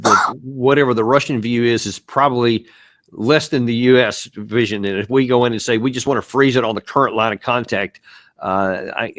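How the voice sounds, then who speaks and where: A man's voice: mid-range voice, fairly bright tone, no room sound. A man hosting an interview, asking conversational questions with repeated words and restarts. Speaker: show host.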